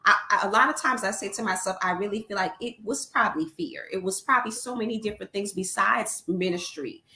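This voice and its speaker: Brief: woman guest, bright and animated storyteller, echoey room. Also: mid-range voice, quick pace. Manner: animated, laughs often, acts out quoted voices. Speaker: guest, wife on a relationship show. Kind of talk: emotional personal storytelling.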